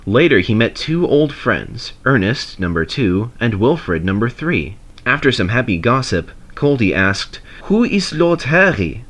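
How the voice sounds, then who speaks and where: A man reading a railway storybook aloud in a measured, expressive narration. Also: on the low side.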